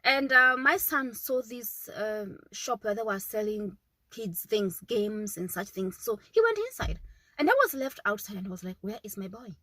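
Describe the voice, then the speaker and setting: A woman's voice: mid-range voice, lively intonation, measured pace, pushed and bright, no room sound, poor audio. A woman in her thirties giving earnest, repetitive parenting advice to camera, often checking in with "okay?". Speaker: parenting vlogger, mother. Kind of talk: casual advice talk to camera.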